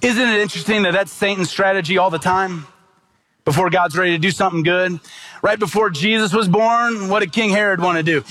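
A man's voice: sits high, fairly quick, bright, forceful tone. A middle-aged man preaching a sermon as pastor, earnest and emphatic, asking the congregation rhetorical questions.

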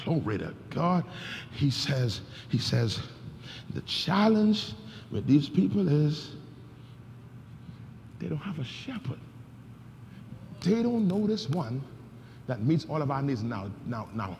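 A male pastor preaches in a high, lively voice that swings between soft asides and ringing shouts. He calls on the congregation to answer back. The sound carries a long church-hall reverb with a faint hiss behind it. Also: slow, creaky, pauses often. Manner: preaching with rising shouts, call-and-response with congregation. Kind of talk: sermon. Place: church sanctuary.

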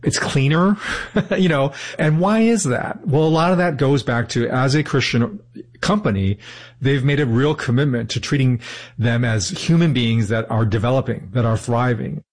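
A man's voice: mid-range voice, moderate pace. A man being interviewed, explaining his ideas earnestly and thoughtfully, often restarting mid-sentence. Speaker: interview guest.

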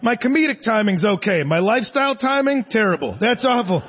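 A man's voice: high-pitched, expressive, a little fast, hardly any pauses, highs cut off, a little hiss or hum. A man in his forties doing a live stand-up set on a theater stage, rambling and self-mocking, chuckling at his own jokes. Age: 40s. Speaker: stand-up comedian. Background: audience laughter.

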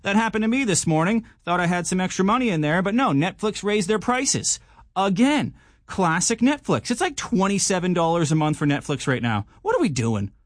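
A man hosting a radio show, joking in a self-mocking, animated way in a casual bit. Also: high-pitched, a little fast, no echo, studio quality. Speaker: radio host. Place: radio studio. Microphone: studio mic.

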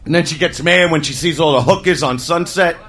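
A man doing crude stand-up, swinging from low mutters to shouts. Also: a little fast. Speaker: stand-up comedian. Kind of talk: stand-up comedy.

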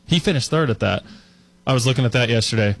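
A man co-hosting a sports radio show, telling a story in a chatty, animated way with lots of fillers. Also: mid-range voice, fast talker, dry recording. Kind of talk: casual sports talk.

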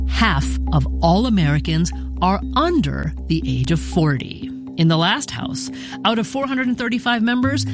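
A woman hosting a radio program, narrating a scripted news segment in a measured, deliberate way. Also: lowish voice. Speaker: radio host. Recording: music bed behind voice.

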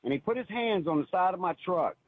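A man's voice: sits high, expressive, fast talker, breathy edge. A man calling in to a radio show, telling an earnest, emotional personal story and often repeating himself, heard over a phone line. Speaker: caller. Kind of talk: call-in radio testimony.

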